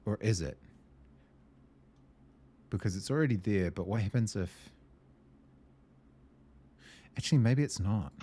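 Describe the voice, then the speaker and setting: Deep-voiced man thinking aloud over a puzzle game. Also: unhurried, pauses often, breathy edge. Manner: muttering to himself, hesitant, excitable. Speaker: gameplay video host.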